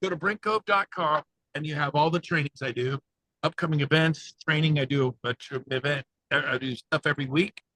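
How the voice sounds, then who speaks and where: A man talking with high energy and excitement on a video call from the passenger seat of a car, rambling and fired up. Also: dry recording, low-quality recording. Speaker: guest speaker, real estate agent coach.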